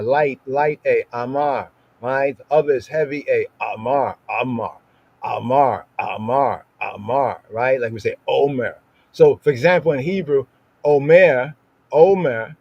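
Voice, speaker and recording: A man's voice: mid-range voice, a little mellow, muffled recording. Man repeating Hebrew words, asking "right?". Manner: repeats words over and over, asks "right?" after nearly every phrase; drawls out Hebrew words slowly to teach their pronunciation. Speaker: teacher of a Hebrew scripture study livestream. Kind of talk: livestreamed scripture teaching.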